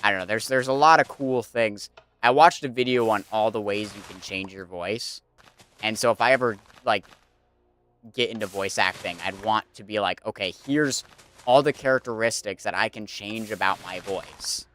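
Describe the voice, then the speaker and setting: A young man with a slightly low voice chats casually on a stream as he builds in a game. He rambles and thinks aloud, leaning on fillers and restarting his sentences. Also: moderate pace, fairly bright tone, a little hiss or hum. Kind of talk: casual chat while playing a building game.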